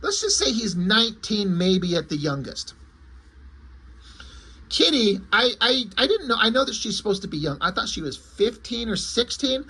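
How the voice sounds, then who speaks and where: High, husky-voiced man reviewing comics. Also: big pitch swings, normal speed, sharp tone. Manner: rambling, self-correcting, casual swearing.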